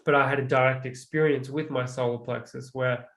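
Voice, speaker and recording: A man's voice: medium pitch, steady tone, fairly quick, a bit bright. A man telling personal stories about emotional pain in a reflective, casual way, with many "like" fillers. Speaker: guest. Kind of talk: casual conversation.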